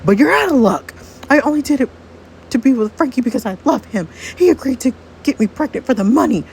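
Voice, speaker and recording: Woman doing a scheming, high-voiced liar. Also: lively intonation, fairly quick, vocal fry, a little mellow, a little hiss or hum. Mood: pleading. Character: scheming young woman faking a pregnancy.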